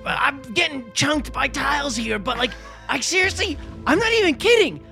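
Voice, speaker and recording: Gravelly, bright-voiced male player. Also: very high-pitched, lively intonation, normal speed, soft background music. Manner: rambling, exasperated, joking. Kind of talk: in-character tabletop play.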